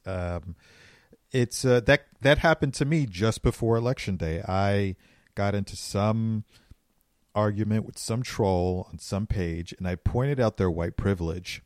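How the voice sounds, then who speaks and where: A man co-hosting a casual podcast, telling stories in a relaxed, reflective way. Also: on the low side, measured pace, no room sound, studio quality. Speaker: podcast co-host.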